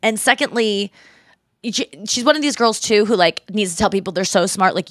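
A woman hosting a podcast, chatting casually and telling lively stories, mimicking other people's voices in quotes. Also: mid-range voice, normal speed, dry recording, clean studio sound. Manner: animated storyteller who mimics voices in quotes. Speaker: podcast host. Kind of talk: casual chat.

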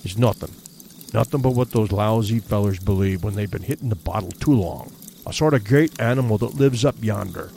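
A man voicing an uneasy backwoods hunting guide in an audiobook, speaking in rough dialect, grave and low-key. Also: sing-song, moderate pace, a little mellow, a little hiss or hum. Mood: hushed. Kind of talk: audiobook character reading.

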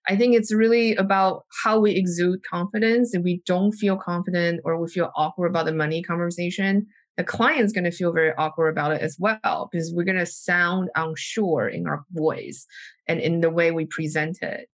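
A woman's voice: fairly low pitch, steady tone, normal speed. A woman hosting a podcast, chatting casually and affirming her guest's points. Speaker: podcast host. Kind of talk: casual interview chat.

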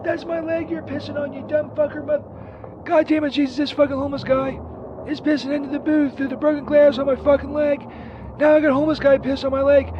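A shrill, very high, frantic Saint Peter, put on by a male host rants and curses into a muffled voicemail. Faint city traffic murmurs behind him on the line from a broken street phone booth. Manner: profane, rambling, shouting at a stranger. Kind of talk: comedy phone bit.

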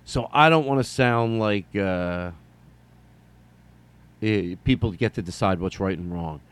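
A man hosting a solo comedy podcast, rambling through a story with jokey asides and quick mock voices. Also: fairly low pitch, clean tone.

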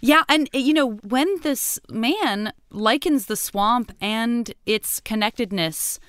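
Woman, podcast co-host, smooth clear voice, heartfelt, casual chat, dry close sound. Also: fairly high pitch, slow, fairly bright tone, no room sound. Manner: heartfelt, emotional.

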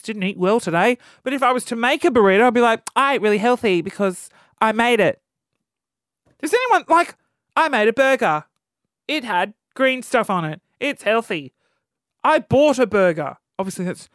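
A man's voice: very high voice, clean tone, no room sound, studio quality. Aussie guy ranting into the camera, voice jumps all over, acts out everyone he talks about. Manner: animated, mimics people in acted-out quotes. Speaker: vlogger. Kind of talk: comic rant to camera.

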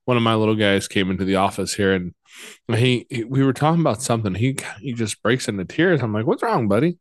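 Relaxed man hosting a chat, dry sound. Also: fairly low pitch, dry recording. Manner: relaxed, halting, repeats words often. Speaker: podcast host. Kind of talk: casual interview conversation.

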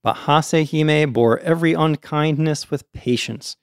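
Here a man reads an old folktale at an unhurried pace, podcast-style, pausing the steady reading for occasional friendly asides. The recording is close, dry and echo-free, capturing his smooth, resonant mid-pitched voice as a storyteller host.

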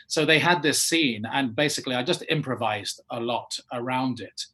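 An English man, an actor, telling a long anecdote and acting out the people he quotes in lively voices. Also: mid-range voice, moderate pace, breathy edge. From England. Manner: animated, acts out quoted people in changing voices. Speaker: actor, guest. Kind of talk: anecdotal storytelling.

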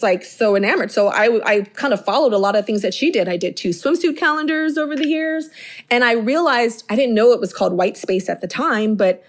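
A middle-aged woman from Inglewood, California, telling stories from her modeling and producing career as an interview guest in a lively, chatty way full of "like" fillers. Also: a little high. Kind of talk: casual storytelling interview.

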